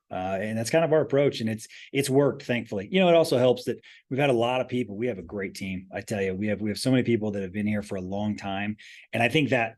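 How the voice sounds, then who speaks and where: A man's voice: fairly low pitch, a little mellow. Earnest man with emphatic restarts. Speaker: company president, guest. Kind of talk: podcast interview.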